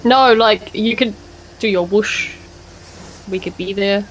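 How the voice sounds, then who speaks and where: A woman chatting casually at a tabletop game, blunt and offhand. Her voice sits at a middle pitch, with faint noise behind her. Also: slow, poor audio. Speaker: player.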